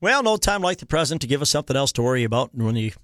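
A man's voice: mid-range voice, sing-song, rapid-fire, over loud music. A man hosting a casual podcast chat, joking and rambling, who likes putting on silly voices. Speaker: podcast host.

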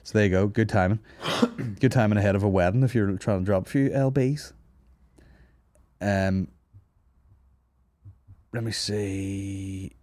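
Man, podcast host, sweary banter, lowish voice, dry studio sound. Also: steady tone, normal speed, a little mellow, no echo. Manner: crude, rambling, joking.

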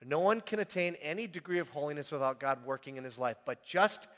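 A man preaching a sermon, animated and emphatic, sometimes rising to a shout and then dropping back to quiet reading. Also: a little high, fairly quick. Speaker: pastor. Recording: long hall reverb.

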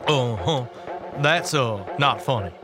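A man's voice: medium pitch, animated, slow, music in the background, pitched below the performer's own voice. A man voicing a balding, touchy male sales VP with a Southern accent and a blustery drawl. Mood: disgusted. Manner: blustery, shouting in agony.

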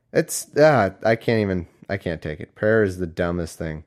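A young man reading scripture aloud and mocking it in casual, sarcastic solo commentary, going from loud bits to mumbled asides. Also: low voice, expressive, normal speed, hardly any pauses.

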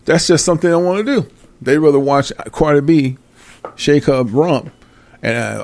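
A man with a gravelly, fry-laden voice rants through a casual talk show, exasperated and swearing freely. He breaks into laughter often, and the sound is close and dry. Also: fairly high pitch, moderate pace, darkish tone, no echo. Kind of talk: casual ranting commentary.

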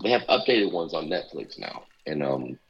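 A man competing in a trivia quiz, hesitantly thinking out loud about answers. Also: rumbling low, very animated, normal speed, dull audio, a crowd in the background. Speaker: quiz contestant. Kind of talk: casual banter.

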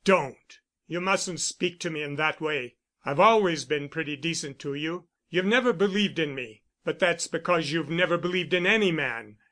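A man's voice: a little high, normal speed, few pauses, pushed and bright. A man reading the part of a persuasive, insistent suitor who speaks with urgent, coaxing force. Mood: assured.

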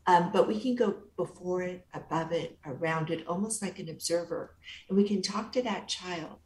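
Gentle, soothing woman in a roomy space. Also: on the low side, normal speed, slight background noise. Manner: calm, gentle, soothing therapeutic delivery. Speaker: guest author and inner-child coach. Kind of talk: interview answers. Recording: roomy echo.

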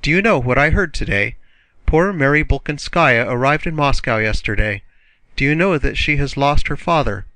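A man's voice: medium pitch, animated, moderate pace, pushed and bright, dry recording, pitched above the performer's own voice. A man reading the part of a gossipy society lady hostess in an audiobook, chattering and teasing. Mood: eager gossip.

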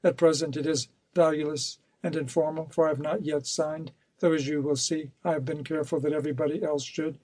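A man's voice: on the high side, fairly even intonation, a little fast, few pauses, darkish tone, dry recording, close to an everyday voice. Male narrator voicing a ruthless storybook villain: cold, insistent, wheedling; dry close recording. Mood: villainous. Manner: cold and insistent, turning coaxing. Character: scheming, ruthless male villain, pleading and menacing.

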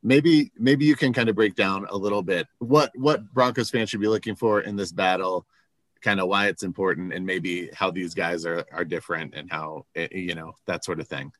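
Easygoing male podcast host with a very low voice, dry close sound. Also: fairly even intonation, normal speed, fairly bright tone, dry recording. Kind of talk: casual sports podcast chat.

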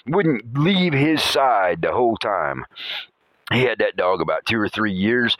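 A man spins casual, rambling stories as the host of his own podcast, chuckling as he goes. His pitch rises and falls a lot as he talks. The sound is dry, with no room echo. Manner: animated, chuckles often, rambling asides. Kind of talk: casual anecdotal storytelling.

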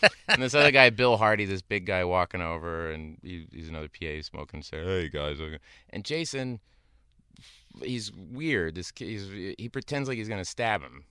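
Low-pitched man with a lively, swooping voice. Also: normal speed, clear, resonant tone, no echo, studio quality. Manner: lively anecdotes, laughs through the telling. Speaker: actor guest. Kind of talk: casual chat.

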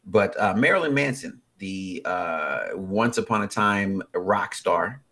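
Husky, rambling man in his forties. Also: low-pitched, slow. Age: 40s. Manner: rambling, filler-heavy, animated bursts. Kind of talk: casual chat.

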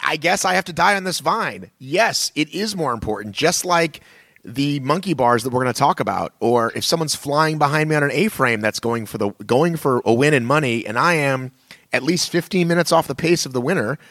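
A man co-hosting a weekly podcast in casual chat, talking in an animated, rambling way with many restarts. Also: mid-range voice, dry recording. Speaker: podcast co-host.

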